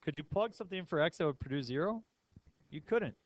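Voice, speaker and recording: A man's voice: a little high, animated, quick pace, no echo, muffled recording. A male math teacher lecturing a class in a playful way, asking his students many questions.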